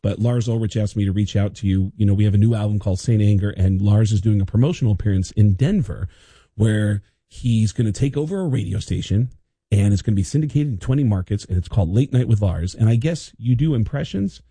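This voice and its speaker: A man voicing a brisk, matter-of-fact record label man on the phone. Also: lowish voice, mellow, slightly rough, no room sound, pitched below the performer's own voice. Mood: businesslike.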